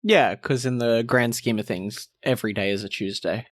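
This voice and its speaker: A man co-hosting a podcast, reacting to lore with quick banter in casual chat. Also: medium pitch, no echo, clean studio sound. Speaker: podcast co-host.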